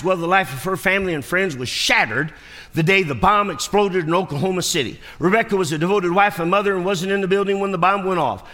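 The fairly high, pushed and bright voice of a preacher rings through a church sanctuary with long reverb. Telling stories in his sermon, he becomes animated and acts out the people involved.

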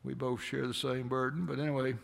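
A man's voice: medium pitch, flat delivery, brisk, creaky, slight background noise. A man preaching a folksy sermon in a church, rambling into conversational asides with a chuckle now and then. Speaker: pastor. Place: church sanctuary.

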